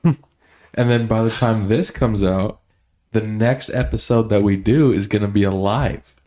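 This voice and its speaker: Mellow, low-voiced man in easygoing chat. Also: measured pace. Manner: easygoing, laughs often. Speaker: podcast co-host. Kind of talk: casual chat.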